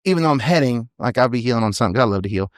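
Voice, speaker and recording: A man in his thirties, a professional team roper, telling stories in a casual, animated podcast interview and often tacking on "you know what I mean". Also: mid-range voice, racing, dry recording, studio quality.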